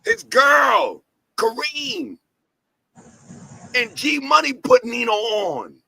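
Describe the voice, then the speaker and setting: Fired-up preachy man, high gravelly voice. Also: lively intonation, slow, bright, forceful tone, no echo, rough recording. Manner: preachy, profane, repeats lines for emphasis, rhetorical questions. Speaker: host, head of an entertainment company. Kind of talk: fired-up motivational talk.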